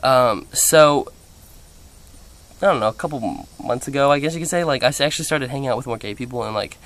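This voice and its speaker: Young man, casual vlog storyteller, chatty and animated, heavy filler words. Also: medium pitch, a little fast. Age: young adult. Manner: quotes others in playful voices. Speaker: vlogger.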